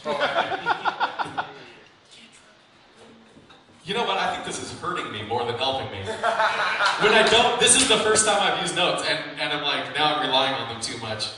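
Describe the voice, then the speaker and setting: A young man doing a stand-up set in a small comedy venue, self-mocking, profane and excitable. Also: a little high, measured pace, long pauses. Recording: echoey room, distant mic, faint noise.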